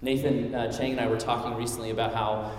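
A man's voice: mid-range voice, quick pace, slight background noise. A young man from the American Midwest with a Midwestern accent, preaching a sermon as pastor in an earnest, conversational way. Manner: earnest, conversational, animated when telling stories. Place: church sanctuary. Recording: echoey hall, mic at a distance.

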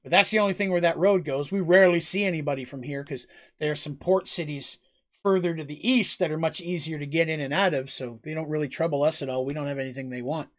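Nervous small-town innkeeper, done by a man, high and stammering. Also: fast talker, lightly acted. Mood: frustrated. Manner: stammering, anxious, pleading. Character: nervous male village innkeeper.

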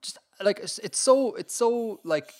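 An Irish man co-hosting a podcast in casual chat, talking in an animated, ranting way and laughing often. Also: sits high, unhurried. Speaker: podcast co-host.

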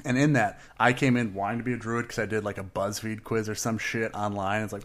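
A man co-hosting a podcast, chatting casually and rambling with lots of jokes and laughs. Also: lowish voice. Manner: rambling, jokey, quick to laugh. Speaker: podcast co-host. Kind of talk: casual chat about a tabletop character.

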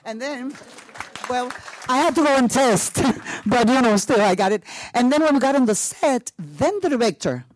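A woman's voice: on the high side, moderate pace, no room sound. A woman with a Puerto Rican accent telling a story on a panel, acting out what people said, laughing often and slipping in Spanish. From Puerto Rico. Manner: animated storyteller, acts out quotes, laughs often, Spanish asides. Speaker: actress on a panel. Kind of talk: panel talk, telling an anecdote.

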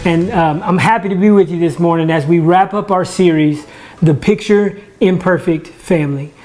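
Faint music plays behind a man with a high-pitched, darkish voice speaking at normal speed. He leads a church ministry and is giving an informal sermon at home, chatting along, frequently restarting words and making fun of himself.

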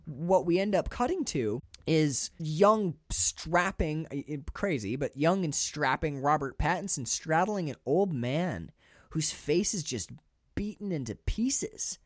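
Animated man with a dry sound. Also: a little high, a little slow, dry recording. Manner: animated, profane, restarts often. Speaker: podcast co-host. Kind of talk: casual film discussion.

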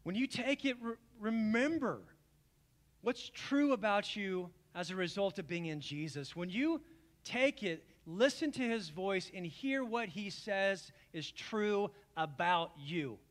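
Earnest high-voiced male pastor preaching. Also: animated, slow. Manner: earnest, pleading, rising to emphatic calls then dropping low and quiet. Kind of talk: sermon at communion. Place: church service.

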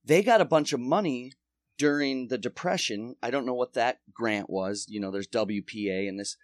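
A man's voice: medium pitch, normal speed, dry recording, clean studio sound. A man with a cold chatting casually and rambling with friends. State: has a cold. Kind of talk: casual podcast chat.

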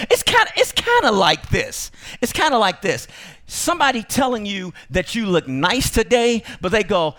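A man preaching a sermon to his congregation. He speaks emphatically, repeats himself, and rises into shouts. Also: high-pitched, big pitch swings, moderate pace. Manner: emphatic, repetitive, bursts into shouting; addresses congregation directly. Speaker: pastor.

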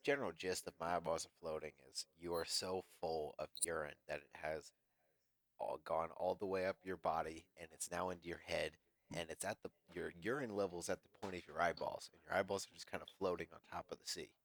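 Deep-voiced man cracking crude jokes. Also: fairly even intonation, brisk, no echo. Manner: crude, joking, profane. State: drinking beer. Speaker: podcast co-host. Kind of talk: casual chat, movie talk.

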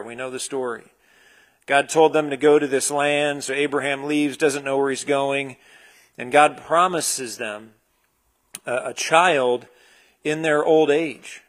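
Pastor with a higher male voice. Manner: relaxed, searching, with frequent fillers and restarts. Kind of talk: conversational sermon.

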